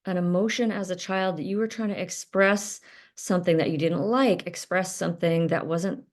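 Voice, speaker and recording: A woman's voice: lowish voice, fairly even intonation, normal speed. A woman talking earnestly to camera in a self-help video, stressing points by repeating words, with many fillers.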